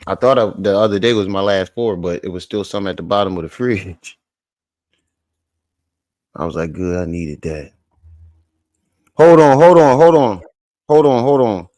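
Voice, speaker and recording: A man hosting a casual livestream, loud, profane and teasing as he jokes with the chat. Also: lowish voice, lively intonation, moderate pace, long pauses. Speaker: livestream host.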